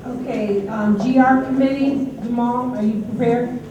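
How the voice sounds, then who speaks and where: A woman chairs a union meeting in a measured, pointed way. Her voice comes from far off in a very echoey hall, with noise underneath. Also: fairly high pitch, fairly even intonation, dull audio.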